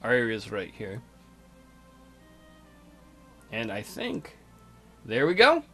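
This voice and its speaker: A man's voice: medium pitch, huge pitch swings, unhurried, bright, forceful tone, soft background music. A man hosting a strategy game let's play with casual, crude, joking commentary.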